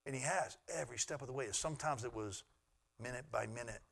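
A middle-aged man, a pastor, preaching a sermon in an earnest way that swings from loud to hushed. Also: mid-range voice, lively intonation, fast, creaky.

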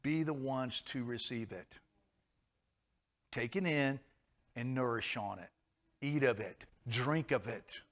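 A man preaching a sermon, swinging between hushed and loud passages and repeating phrases for emphasis. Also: mid-range voice, takes it slowly, pauses often.

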